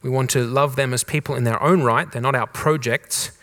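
A pastor from Australia preaching a conversational sermon, with a mild Australian accent softened toward neutral English, repeating rhetorical questions and restarting phrases. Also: male voice, medium pitch, steady tone, a little fast. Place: church in Germany.

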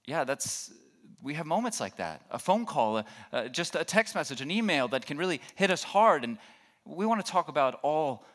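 A pastor preaches conversationally, putting questions to the congregation and acting out their reactions. His voice is medium in pitch with a fairly bright tone.

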